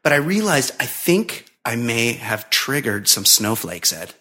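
A man's voice: mid-range voice, very animated, unhurried, bright, forceful tone. A man co-hosting a podcast, telling a long story in casual, profane, rambling chat full of fillers. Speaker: podcast co-host.

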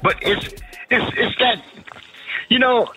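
A man's voice: very high-pitched, slow, faint music behind, poor audio. A man from Harlem talking casually and bluntly, swearing often and restarting his sentences as he argues his opinions. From Harlem, New York. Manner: animated, profane, opinionated, many restarts. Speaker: podcast co-host. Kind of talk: casual chat.

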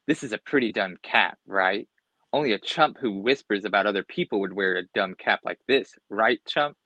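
A man's voice: lowish voice, normal speed, bright, forceful tone, no room sound, lo-fi sound. A man voicing a mean schoolyard bully boy who sneers and taunts, reading a storybook aloud. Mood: sneering.

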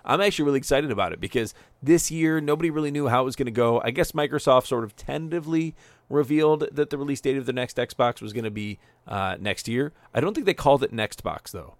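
A man co-hosting a casual podcast, animated and jokey, with sarcastic asides. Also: mid-range voice, quick pace, no room sound. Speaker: podcast co-host.

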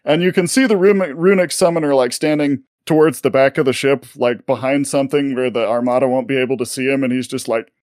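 A man's voice: medium pitch, a little fast, hardly any pauses, darkish tone, no echo, clean studio sound. A man narrating a tabletop game as game master, rambling with many fillers.

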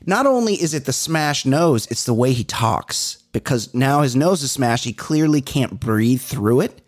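A middle-aged man co-hosting a comedy podcast in casual chat, acting out little exchanges with big swings in his voice. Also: unhurried. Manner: animated, acts out exchanges with big pitch jumps. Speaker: podcast co-host.

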